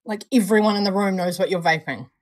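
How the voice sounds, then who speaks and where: A woman co-hosting a casual live stream, chatty and unhurried, often trailing off and laughing. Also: medium pitch. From Australia or New Zealand. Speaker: co-host of a vape review stream.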